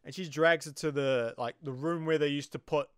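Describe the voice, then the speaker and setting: A New Zealand-accented man talks through a TV episode in a loose, rambling way, leaning on fillers. His voice sits a little high and sounds smooth, and the recording is dry and close. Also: steady tone, moderate pace, a bit bright, dry recording. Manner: rambling, loose, with many "you know" fillers. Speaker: TV show reviewer. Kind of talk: casual episode review.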